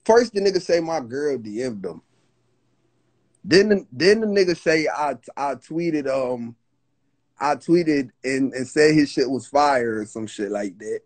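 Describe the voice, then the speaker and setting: A man's voice: mid-range voice, animated, a little slow. A young man telling a heated story on a livestream call, agitated and profane, stumbling over restarts. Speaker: guest on a livestream. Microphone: phone on a live video call.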